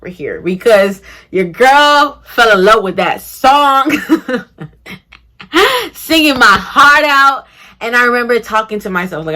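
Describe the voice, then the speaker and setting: Chatty, bright-voiced young woman. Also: medium pitch. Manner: chatty, animated, addresses viewers as y'all. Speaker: vlogger. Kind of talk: casual storytime vlog.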